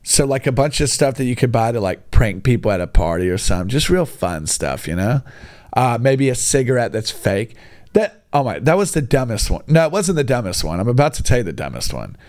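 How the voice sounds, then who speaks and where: A man's voice: medium pitch, sing-song, a little fast, darkish tone. A young man telling a rambling comic story, jumping between asides and mocking the people he quotes. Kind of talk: comedic storytelling monologue.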